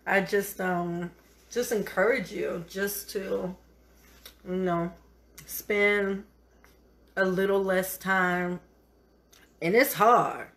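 Slow-talking woman hosting a cooking show. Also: medium pitch, steady tone, a bit bright. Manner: encouraging, preachy, calls viewers honey. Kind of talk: live cooking show chat.

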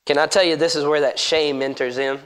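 A male pastor preaches in a high, light voice. His delivery is conversational and emphatic, and it builds at times to shouting. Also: fairly even intonation, brisk, smooth. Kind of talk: sermon.

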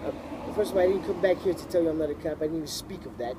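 Belligerent man, street confrontation, quick and high, traffic noise behind. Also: over a noisy crowd. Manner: aggressive, profane, confrontational. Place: city street outdoors. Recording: noisy street recording with traffic.

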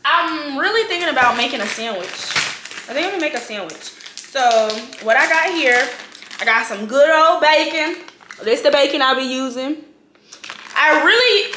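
Bright, chatty woman vlogger in an echoey kitchen. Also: sits high, slight background noise. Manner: chatty, swears freely, laughs often, talks straight to the viewers. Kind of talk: casual prank vlog chat. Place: home kitchen.

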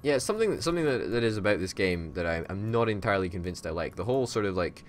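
A man's voice: fairly low pitch, lively intonation, quick pace. A man hosting a gaming channel, chatting casually and wryly as he plays, often laughing and grumbling. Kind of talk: casual gameplay chat.

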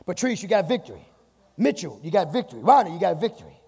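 A male pastor preaching from the pulpit, repeating phrases and building to shouts. His voice sits high and has a gravelly, husky edge. It rings with the long reverb of a church hall. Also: very animated, fast. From United States. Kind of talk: sermon. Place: church sanctuary.

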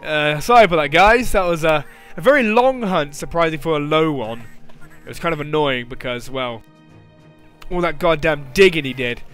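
A man's voice: on the high side, moderate pace, fairly bright tone, faint music behind. A man doing gameplay commentary, frustrated and exclaiming at the game. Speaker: gaming commentator.

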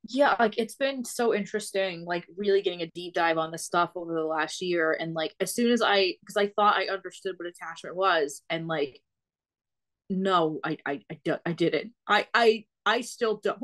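A woman's voice: mid-range voice, normal speed, a bit bright. Co-host, female, mid-range voice, reflective and chatty, laughs between thoughts. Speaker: podcast co-host. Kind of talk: casual chat.

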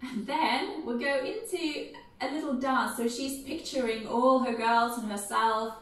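A woman dance teacher guiding an online movement class with gentle, step-by-step instructions. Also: a little high. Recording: very echoey room, mic far off.

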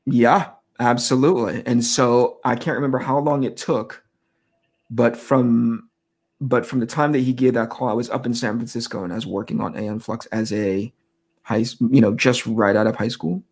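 A man in his forties from the United States, a comic artist telling animated anecdotes in a casual interview, acting out quoted dialogue. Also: mid-range voice, normal speed, husky.

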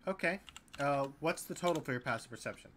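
A young man running a tabletop game as game master, narrating in a relaxed, halting way with many fillers. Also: a little high, a little hiss or hum.

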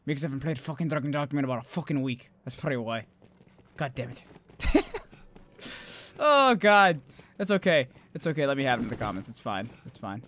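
A young man commentating a video game with loud outbursts, heavy swearing and self-mocking asides. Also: medium pitch, sing-song, brisk, long pauses, slight background noise. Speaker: gameplay commentator. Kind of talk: swearing, excitable let's-play commentary.

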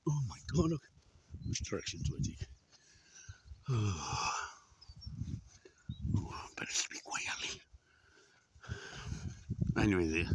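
A man's voice: on the low side, no echo. A man in his sixties, out of breath while climbing a hillside outdoors, talking casually and swearing a lot. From Wales. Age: 60s. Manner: exclaiming, swearing often. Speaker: vlogger. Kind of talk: casual walking commentary.

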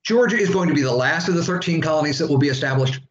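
A man's voice: a little high, expressive, very fast, slight background noise. A man from Florida giving a casual, chatty history lecture to students, full of asides. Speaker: history instructor. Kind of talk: classroom lecture. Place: classroom. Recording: echoey room, dull lo-fi sound.

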